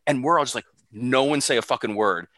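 A man's voice: medium pitch, brisk, dry recording. A man in his thirties co-hosting a podcast, telling stories with acted-out quotes and swearing freely. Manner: animated anecdote-teller, acts out quotes, swears freely. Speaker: podcast co-host. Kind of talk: casual chat, storytelling.

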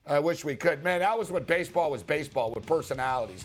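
A man hosting a sports talk show, telling stories in a rambling, excitable way. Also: on the high side, quick pace, faint music behind. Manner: rambling, excitable storytelling with laughs and acted quotes. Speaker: sports radio host.

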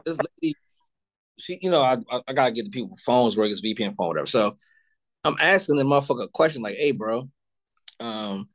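A man's voice: mid-range voice, lively intonation, fast talker. Laid-back man telling stories. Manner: laid-back, profane storytelling. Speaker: podcast co-host. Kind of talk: casual chat.

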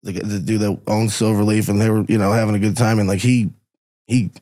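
A man guest on a podcast, chatting casually about golf in a halting, rambling way and often repeating words, recorded on a studio microphone. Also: on the low side, level tone, warm tone. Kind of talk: casual chat.

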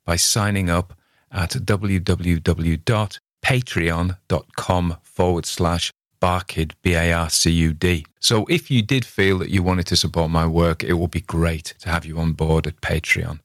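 Deep-voiced chatty male podcast host. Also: steady tone, unhurried, no echo, studio quality. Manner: rambling, chatty, digressive. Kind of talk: casual chat about a story.

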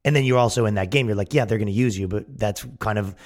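Rambling, sarcastic lower-voiced man. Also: fast talker, darkish tone. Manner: rambling and sarcastic, often laughing at his own points; trails off and restarts mid-sentence. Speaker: podcast host. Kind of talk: solo comedic podcast rant.

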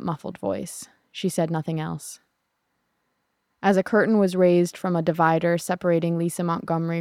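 Somber woman with a low, gravelly voice. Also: a little mellow, no echo, studio quality. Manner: somber, measured. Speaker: narrator. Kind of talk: true crime podcast narration.

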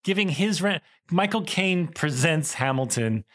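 Middle-aged man, animated raconteur, casual and self-correcting. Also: fairly high pitch, measured pace. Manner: animated, with frequent restarts and laughter. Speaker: actor and director, guest. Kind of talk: casual interview storytelling.

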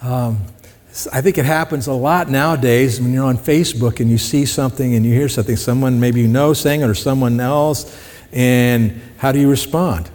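A man's voice: mid-range voice, steady tone, moderate pace, darkish tone. Guy preaching a sermon, chatty, keeps asking the room questions, long hall reverb. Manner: conversational, asks the congregation questions. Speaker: pastor.

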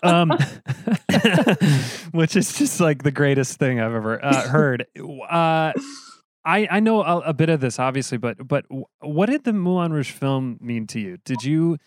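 A man's voice: fairly high pitch, animated, measured pace, no echo, studio quality. A man hosting a casual podcast interview, chatty, laughing easily and stumbling through his questions. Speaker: podcast host.

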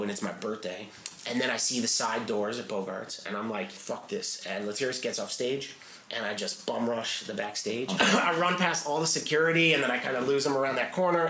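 A man's voice: medium pitch, fast, a little hiss or hum. A man, a guest musician, telling stories in casual chat and acting out the quoted voices of people in them. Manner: animated storyteller, acts out quoted dialogue in shifting voices. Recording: roomy echo.

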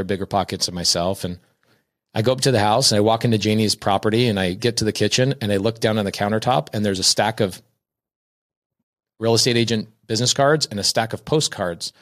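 A man guest casually telling a story about his early business, acting out quoted people. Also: lowish voice. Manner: acts out quoted people with a raised voice; self-correcting restarts. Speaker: real estate investor guest.

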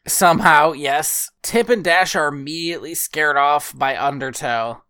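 A woman's voice: sits low, measured pace, fairly bright tone. A woman co-hosting a podcast in casual chat, dryly funny and exasperated, swearing casually. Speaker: podcast co-host.

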